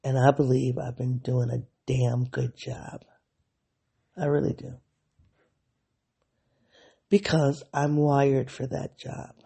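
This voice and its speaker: Podcast host, candid diary monologue, thinking aloud; gravelly, dark delivery. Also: medium pitch, takes it slowly, pauses often. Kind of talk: reflective solo diary podcast.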